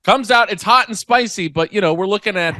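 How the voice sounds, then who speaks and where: A man's voice: sits high, a little fast, no echo. A young man co-hosting a comedy podcast, telling exaggerated stories in casual chat. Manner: animated, exaggerated storytelling. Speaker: podcast co-host.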